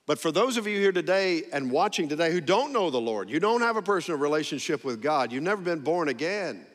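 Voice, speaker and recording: Pastor Man preaching a sermon, slightly high voice, emphatic and drawn out, asks the congregation for amens, long church reverb. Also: a bit bright. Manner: calls for congregation responses. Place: church sanctuary.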